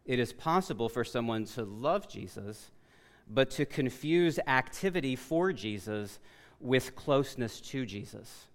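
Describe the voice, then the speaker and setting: A man preaching a sermon as pastor, loud and emphatic, often correcting himself mid-sentence. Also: medium pitch. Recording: long reverb of a large hall.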